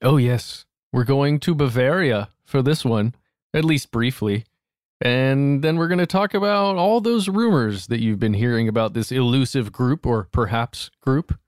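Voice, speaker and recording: A man's voice: medium pitch, measured pace, darkish tone, no room sound, studio quality. A man co-hosting a podcast, chatting in a playful, upbeat way. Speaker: podcast co-host. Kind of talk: casual podcast chat.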